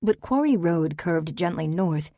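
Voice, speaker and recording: A woman narrating a first-person fantasy audiobook with a low, mellow voice. Her reading is steady and measured, with a quiet tension. The recording is dry and close. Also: no room sound.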